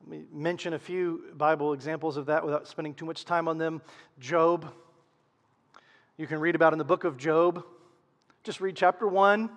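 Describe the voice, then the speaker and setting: A man preaches to his congregation, his voice sitting fairly high. He presses key words loudly, then drops into quiet, hushed passages. The sound carries the long reverb of a church hall. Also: moderate pace, long pauses. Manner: expressive preaching, swings from loud emphasis to hushed lows. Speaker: pastor. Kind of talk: sermon.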